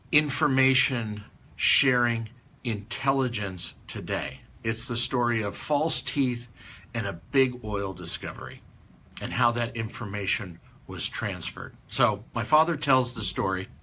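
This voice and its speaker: A man speaking at a conference, telling a rambling, folksy story. His voice is bright and forceful at an average pitch. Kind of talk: anecdotal storytelling talk.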